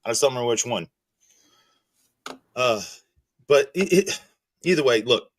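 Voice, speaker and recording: A man's voice: medium pitch, animated, moderate pace, no room sound. A man, hosting a livestream and ranting angrily with lots of cursing and restarts. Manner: angry, profane, repetitive restarts. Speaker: streamer host. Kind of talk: heated livestream rant.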